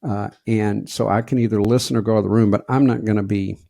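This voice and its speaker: Gravelly-voiced man telling stories. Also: fairly low pitch, steady tone, fast, warm tone, dry recording, studio quality. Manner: storytelling, self-mocking humor. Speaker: podcast co-host. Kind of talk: casual chat.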